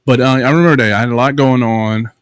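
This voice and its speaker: A man with a Louisiana accent co-hosts a casual talk stream, speaking at an average pitch. He explains things conversationally and fills his thoughts with "you know." The sound is dry and close, with no room echo. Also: fairly even intonation, fast talker, smooth. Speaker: co-host. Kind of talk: casual chat.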